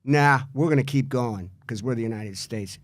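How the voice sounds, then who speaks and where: A man's voice: mid-range voice, moderate pace, dry recording. A man co-hosting a sports talk show, eagerly recapping the guest's story.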